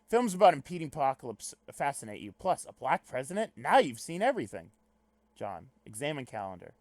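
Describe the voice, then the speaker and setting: A young man reading a webcomic aloud on stream, breaking off into loud, animated asides. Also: medium pitch, no echo. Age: young adult. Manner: animated, swings to loud excited rants.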